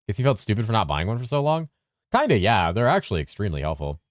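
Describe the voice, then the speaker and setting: A man with a very deep voice, chatting casually on a game stream, reading messages from chat aloud and answering them with casual swearing. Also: no echo. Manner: lively presenter inflection at times, drops into a flatter low voice at other times; talks fast to keep up with chat.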